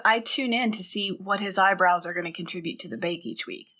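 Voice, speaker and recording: A woman's voice: medium pitch, fairly quick, sharp tone. A woman co-hosting a podcast, chatting casually, riffing on jokes and laughing often. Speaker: podcast co-host. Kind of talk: casual chat.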